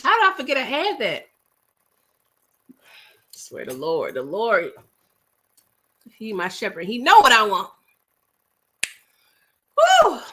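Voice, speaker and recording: This New York City woman's voice is bright, mid-range and slightly rough as she hosts a casual livestream and reads the viewer chat. Animated and chatty, she laughs often, speaks aside to the audience and snacks while she talks.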